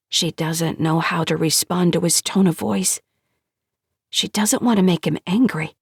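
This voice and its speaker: Female audiobook narrator, unhurried, husky-soft voice, bone-dry close mic, slightly low. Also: dry recording. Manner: measured, hushed storytelling.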